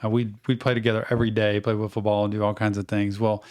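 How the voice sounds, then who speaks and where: A middle-aged man, co-hosting a podcast and telling stories in a casual, animated way. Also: fairly low pitch, fast. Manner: animated storyteller, acts out quoted voices. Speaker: podcast co-host. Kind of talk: casual storytelling.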